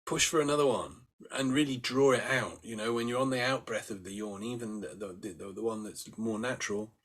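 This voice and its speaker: Gentle man guiding a breathing practice. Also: mid-range voice. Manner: gentle, unhurried, with demonstrated sighs and yawns. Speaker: meditation teacher. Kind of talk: guided breathing instruction.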